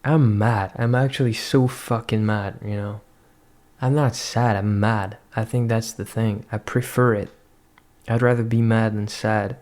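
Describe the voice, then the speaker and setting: Young male vlogger, non-native English, flat monotone delivery, swearing, soul-searching rant. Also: lowish voice, unhurried. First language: not English. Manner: profane, ranting, introspective. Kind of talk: rambling personal monologue.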